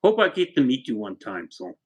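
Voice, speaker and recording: Older man, livestream host, relaxed rambling chat from home, medium pitch, thanks viewers one by one. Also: brisk, husky, lo-fi sound. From Arizona. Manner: rambling, warm storytelling, thanks viewers by name. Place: home with a wood stove.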